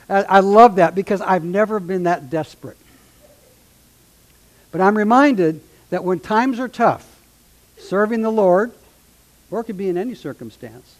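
A male pastor with a fairly high voice, preaching in an animated way. He reads scripture passages aloud with dramatic swings and slips in dry, sarcastic remarks. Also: measured pace, long pauses, low-quality recording. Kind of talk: sermon.

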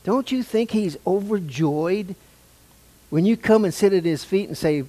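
A man's voice: high-pitched, unhurried, warm tone. An older man preaching a sermon to his church, asking the congregation questions in a conversational way. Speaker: pastor. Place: church sanctuary.

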